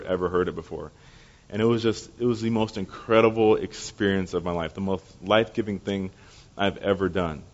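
Young male pastor, low voice, animated storyteller in a church sermon, dull lo-fi recording. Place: church service.

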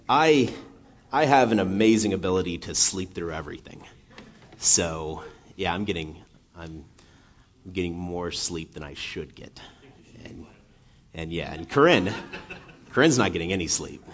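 Chatty preacher man, dull lo-fi sound. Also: sits low. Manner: chatty and self-deprecating, many restarts and "right?" tags. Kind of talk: casual sermon.

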